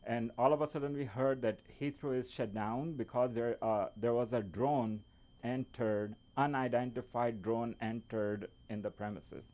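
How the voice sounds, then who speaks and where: A man who is not a native English speaker doing an open mic stand-up set in a small comedy club, halting, with many fillers and restarts. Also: mid-range voice, fairly even intonation, darkish tone.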